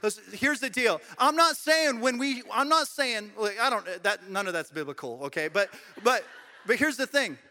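A middle-aged pastor with a very high, bright, forceful voice preaches in a church sanctuary. He swings from loud, rallying calls to soft, conversational talk with playful, joking asides. His delivery feels lively and personal. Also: normal speed. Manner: swings from loud shouted exhortation to quiet, intimate talk. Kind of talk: sermon.

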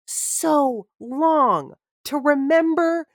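A woman's voice: high voice, extremely slow, no room sound, clean studio sound. A woman co-hosting a casual podcast, thinking aloud in a reflective way with frequent restarts, asides and laughter. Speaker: podcast co-host.

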